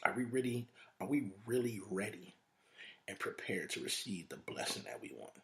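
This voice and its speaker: Male podcast host, lowish voice, preacher-style motivational talk, stacks repetitive lists and rhetorical questions. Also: very animated, moderate pace.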